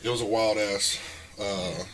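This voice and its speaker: A man's voice: lowish voice, steady tone, measured pace, crowd noise. A man telling long, profane stories as a podcast guest, rambling and often laughing. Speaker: podcast guest, pro wrestler. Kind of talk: casual storytelling chat. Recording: noisy background.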